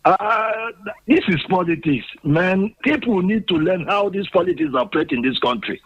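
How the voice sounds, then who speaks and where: A man's voice: high-pitched, lively intonation, normal speed, fairly bright tone. A man with a Nigerian accent calling in by phone to a radio show, earnestly lecturing and stumbling over words. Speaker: radio caller. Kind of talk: phone-in call. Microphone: telephone. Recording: dull phone line.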